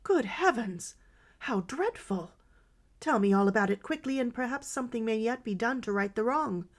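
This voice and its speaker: A woman's voice: mid-range voice, fairly even intonation, normal speed, darkish tone, close to an everyday voice. A woman playing a pious, soothing landlady. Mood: urgent. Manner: soothing, earnest, then curious. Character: pious, kindly older woman keeping a boarding house.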